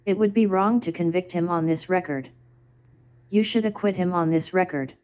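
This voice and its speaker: A woman in her thirties delivers a formal defense speech in a legislative chamber, building her points with a deliberate, rhetorical cadence. Her voice sits on the low side. The sound is dull and lo-fi, like an old archival broadcast. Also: darkish tone. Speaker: defense lawyer addressing the Senate.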